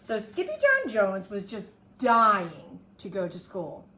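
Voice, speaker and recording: A woman's voice: medium pitch, wildly swooping pitch, slow, bright, forceful tone. A woman teacher reading a picture book aloud to children, with chatty asides to the kids. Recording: echoey room.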